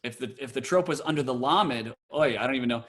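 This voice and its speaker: A man's voice: mid-range voice, fast talker, a bit bright. A man teaching a cantor's class on a video call, chatty and playful, slipping into chant.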